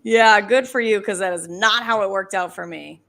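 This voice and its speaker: A woman's voice: mid-range voice, normal speed, a bit bright. A woman co-hosting a podcast, chatting in a supportive, encouraging way. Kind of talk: casual chat.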